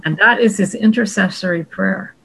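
A woman explaining Bible passages in a relaxed discussion, slowing down to quote verses. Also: mid-range voice, gravelly, slight background noise, poor audio. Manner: explanatory, quotes scripture slowly, some restarts. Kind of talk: casual scholarly discussion.

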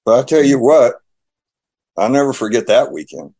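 In a conversation, a man shares the story of his faith, animated and voicing the dialogue as he goes. His pitch is medium and his speed normal.

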